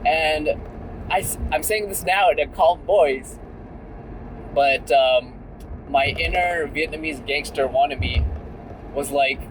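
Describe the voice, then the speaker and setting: A man's voice: a little high, slow pace, pauses often, a little hiss or hum, poor audio. A young man talking candidly in a casual vlog while driving, full of "like" and "right?". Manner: chatty and candid, many fillers like "like" and "right?". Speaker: vlogger.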